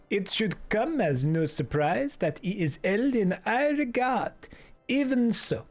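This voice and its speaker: A man voicing a prim, formal male French companion in a game, with a put-on French accent and slow, drawn-out theatrical delivery. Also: high voice, darkish tone, voice pushed up, full character voice. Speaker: streamer.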